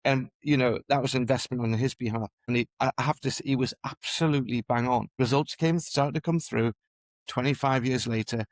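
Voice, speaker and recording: A man's voice: medium pitch, a little fast, no echo. A middle-aged man, a former gymnast and coach, telling long anecdotes in a casual interview, rambling with frequent restarts. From England. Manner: rambling, restarts often, chuckles through anecdotes.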